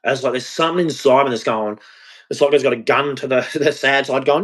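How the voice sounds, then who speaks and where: A man in a confessional vlog monologue, speaking in a halting, repetitive way and swearing freely. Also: mid-range voice, a bit bright. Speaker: vlogger.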